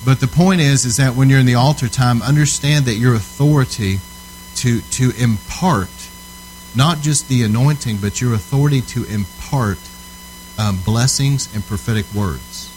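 A man's voice: mid-range voice, moderate pace, a little mellow, slight background noise, low-quality recording. A man preaching to a congregation in a casual, storytelling way, earnest and emphatic, often checking in with the listeners. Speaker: preacher teaching on altar ministry. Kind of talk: conversational sermon teaching.

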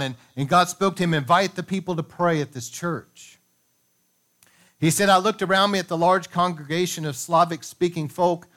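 A man preaching in church, reading a revival story aloud and adding animated asides to the congregation. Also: fairly high pitch. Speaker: pastor.

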